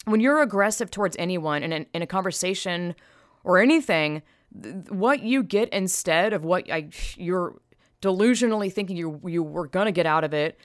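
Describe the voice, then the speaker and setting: A woman's voice: fairly low pitch, normal speed, no room sound, clean studio sound. A woman giving a casual opinion monologue, blunt and profane, emphatic, with frequent sighs. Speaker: vlogger.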